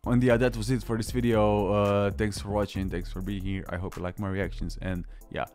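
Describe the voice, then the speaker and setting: Man, reaction host, casual commentary, slangy and hyped, fairly low voice. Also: flat delivery, fairly quick, a little mellow. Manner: hyped, slangy, says "yo" and "bro" often. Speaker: beatbox reaction channel host. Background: faint music from the reacted video.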